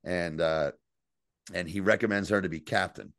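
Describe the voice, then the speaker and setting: A man co-hosting a podcast, recapping an episode in casual, profane, animated chat. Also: sits low, moderate pace, no room sound, studio quality. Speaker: podcast co-host.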